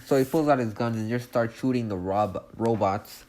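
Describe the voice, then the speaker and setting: A man's voice: mid-range voice, normal speed, darkish tone. A young man casually retelling a fan story, rambling and hesitant with many restarts.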